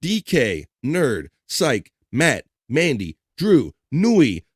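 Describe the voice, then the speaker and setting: A man's voice: mid-range voice, wildly swooping pitch, drawn-out words, husky, dry recording, clean studio sound. A man hosting a live stream, reading viewer messages aloud in a casual way with crude jokes and chuckles.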